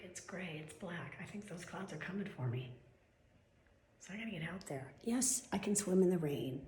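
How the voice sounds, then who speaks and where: A woman venting in a casual vlog, swearing freely and swinging between loud outbursts and whispered asides, a little chesty. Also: on the low side, echoey room. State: coughing, chesty. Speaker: vlogger.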